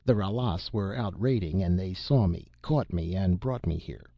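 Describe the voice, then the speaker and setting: A man's voice: deep voice, normal speed, no echo, highs cut off. A man reading the lines of a tall, eager green-skinned alien man who speaks stiff, formal English. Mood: earnest.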